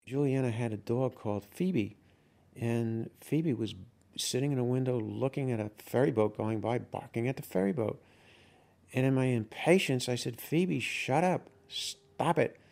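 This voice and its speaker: A man giving a tour of a garden and house, talking in a halting, reflective way with many fillers. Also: medium pitch, gravelly, warm tone. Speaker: widower giving a home tour. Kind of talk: interview recollection while walking. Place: garden outdoors. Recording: outdoor noise with passing traffic.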